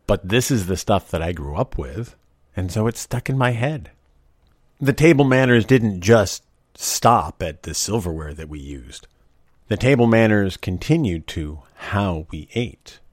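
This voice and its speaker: A man with a somewhat low voice reminisces in a lively, emphatic way, leaning hard on his repeated objections. The recording is close and dry, and his wry delivery swings widely in pitch. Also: no room sound. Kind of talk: reminiscing monologue.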